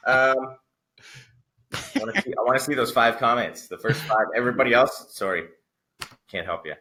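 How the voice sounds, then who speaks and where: Bright-voiced upbeat Canadian host. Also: male voice, medium pitch, normal speed, a little hiss or hum. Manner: upbeat, filler-heavy, laughing along. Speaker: webinar host. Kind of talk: casual webinar Q&A.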